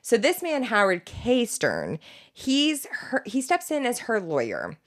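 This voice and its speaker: A woman's voice: on the high side, wildly swooping pitch, unhurried. A woman co-hosting a podcast, retelling a story in a casual, gossipy way. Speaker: podcast co-host.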